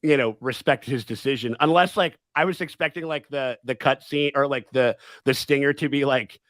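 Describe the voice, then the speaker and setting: A man hosting a casual livestream chat, excitable and rambling, with many restarts and swearing. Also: mid-range voice, normal speed, no room sound. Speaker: livestream host.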